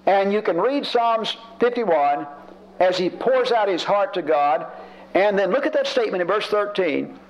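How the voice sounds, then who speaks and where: A man's voice: high-pitched, animated, moderate pace. A man preaching a sermon in a conversational, emphatic way, building his points through repetition. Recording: dull lo-fi recording.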